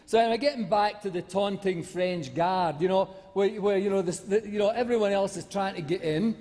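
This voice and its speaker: This senator's voice is high and darkish, moving a little fast. He rambles mockingly through the parliamentary debate, restarting often and leaning on fillers, while the big debating chamber echoes around him.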